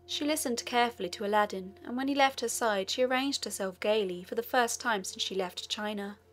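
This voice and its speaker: A woman narrating a fairy tale audiobook in a steady storytelling manner. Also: a little high, a little fast.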